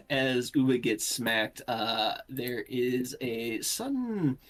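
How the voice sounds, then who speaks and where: A man running a tabletop game as game master, narrating in a relaxed way with many uhs and pauses. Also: medium pitch. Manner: filler-heavy, relaxed, halting with many uhs.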